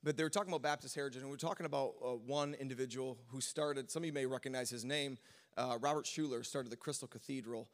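A man's voice: medium pitch, quick pace. A man pastor speaking to a congregation in a sermon, telling a personal story with frequent stammers and restarts. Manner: preaching climax, shouting and sing-song, then relaxed storytelling with stammers.

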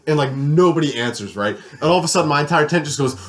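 A man's voice: a little high, expressive, fast, a bit bright. A young man on a podcast, telling a long party story with lots of swearing and fillers. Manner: rambling, profane, filler-heavy storytelling. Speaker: podcast co-host. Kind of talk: casual storytelling chat.

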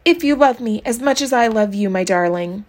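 A woman reading a storybook aloud and voicing a bold, clever schoolgirl who is eager and quick to take charge. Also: on the high side, lightly acted. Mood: moony, scheming. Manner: eager, excitable, takes charge.

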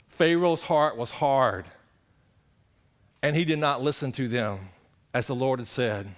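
A man preaching a sermon, animated and conversational, swinging between loud exclamations and hushed earnest passages. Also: mid-range voice. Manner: conversational, addresses the congregation directly. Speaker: pastor.

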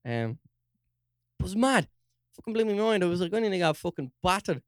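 A young man with a Dublin accent holds the floor on a casual podcast, his voice sitting a little high. The sound is dry and close to the mic. He swears freely and gets animated when he acts out the people in his story. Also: fairly quick, smooth, no room sound. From Ireland. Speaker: podcast co-host.

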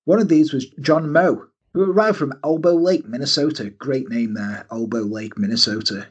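A man hosting a podcast, telling a story in a casual, animated way and often breaking into silly voices. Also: mid-range voice, moderate pace, slightly rough. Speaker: podcast host.

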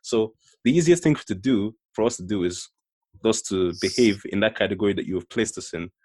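A man's voice: on the low side, fairly quick, darkish tone. A young man on a casual podcast who rants and restarts his sentences often. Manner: stammering restarts, ranting. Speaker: podcast co-host. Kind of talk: casual chat.

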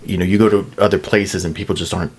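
A man's voice: deep voice, steady tone, very fast, a little hiss or hum. A man from San Antonio, Texas, co-hosting a podcast in casual chat, easygoing with short wry remarks. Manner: easygoing, brief wry interjections. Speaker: podcast co-host.

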